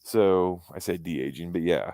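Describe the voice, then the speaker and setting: Low-voiced man rambling in casual chat. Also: measured pace, dark tone, no room sound. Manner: rambling, restarts often, fan opinions. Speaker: podcast co-host.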